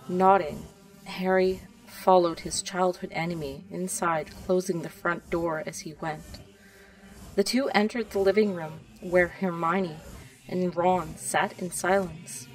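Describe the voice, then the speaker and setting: Female storyteller, calm quiet read, sits back from the mic over soft music. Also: fairly low pitch, measured pace, far from the mic, low-quality recording. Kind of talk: reading a fan story aloud.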